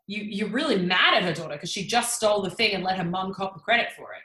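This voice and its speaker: A young woman casually retelling a book's plot, animated and full of "like," as a podcast co-host. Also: mid-range voice, fast, roomy sound, poor audio. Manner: chatty, animated retelling with frequent "like". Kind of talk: casual chat.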